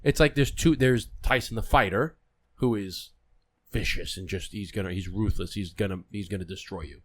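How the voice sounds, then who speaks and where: A male podcast host with a somewhat low voice, talking in a loose, casual way. He swears freely and gets caught up in retelling stories. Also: moderate pace. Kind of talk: casual chat.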